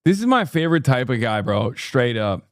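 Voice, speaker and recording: A man's voice: mid-range voice, big pitch swings, normal speed. A man in his thirties doing casual reaction commentary on a stream, sarcastic and profane, often laughing as he mocks what he hears. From United States.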